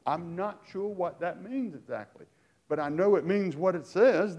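A man's voice: on the high side, a little mellow, muffled recording. A middle-aged man preaching a sermon in a conversational way, with sarcastic asides. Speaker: pastor.

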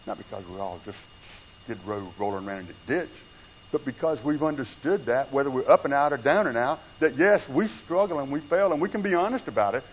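A man's voice: medium pitch, animated, brisk, highs cut off, a little hiss or hum. A middle-aged man preaching a sermon as a pastor, earnest and conversational, slipping into quoted asides.

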